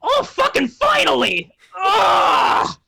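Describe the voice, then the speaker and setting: A man voicing a crude, cranky little male imp who picks locks, shouting and swearing. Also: extremely high pitch, huge pitch swings, slow pace, creaky, pitched above the performer's own voice, full character voice. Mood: fed up.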